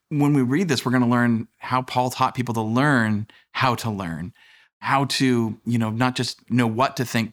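A man's voice: medium pitch, fairly bright tone. Conversational preaching man. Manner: conversational preaching with self-deprecating stories. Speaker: pastor. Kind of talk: sermon.

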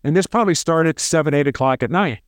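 Animated man telling negotiation stories. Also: on the high side, quick pace, smooth, no room sound, clean studio sound. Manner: animated, acts out quoted voices, repeats words. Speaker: former SWAT hostage negotiator, guest. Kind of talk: storytelling interview.

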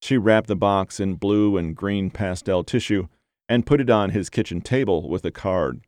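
A man narrating a story in a steady, measured reading voice. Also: fairly low pitch, no room sound.

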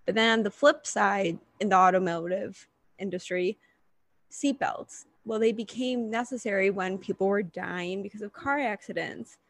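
A woman hosting an interview, talking in a relaxed, conversational way with casual fillers. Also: mid-range voice, moderate pace, no echo. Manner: relaxed, conversational, uses fillers like "you know". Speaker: podcast host.

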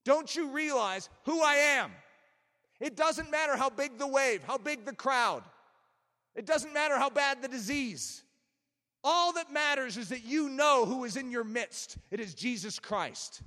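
A man preaching a sermon, emphatic and animated, with touches of self-deprecating humor. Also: very high voice, a little slow. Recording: long reverb of a large hall.

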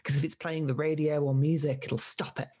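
A man's voice: fairly high pitch, flat delivery, a little fast, a little mellow. A man co-hosting a podcast, joking wryly and laughing often in casual chat. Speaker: podcast co-host.

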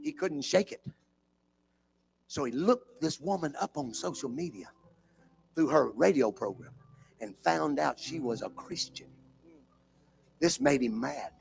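A man preaching a fervent revival sermon in a church, building from steady talk up to shouting. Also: on the high side, unhurried, vocal fry, long pauses. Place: church with live congregation.

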